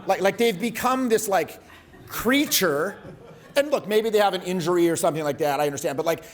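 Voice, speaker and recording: A man teaches a room full of students, casual and profane, pushing his points in a bold, direct way. His voice sits a little higher than most men's. He talks like a coach, not a lecturer. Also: fast. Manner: blunt, profane, conversational. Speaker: voice and presence coach. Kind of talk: live workshop coaching.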